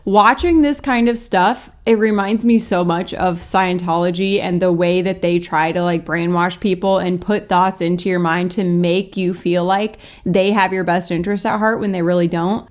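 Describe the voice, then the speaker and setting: A woman's voice: fairly low pitch, moderate pace, few pauses, darkish tone. A woman hosting a chatty, sarcastic reaction commentary, peppered with likes. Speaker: commentary host.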